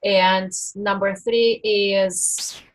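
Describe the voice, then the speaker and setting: A woman life coach giving a live-stream coaching talk, teaching in a slow, deliberate way with reflective pauses. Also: medium pitch, flat delivery, poor audio.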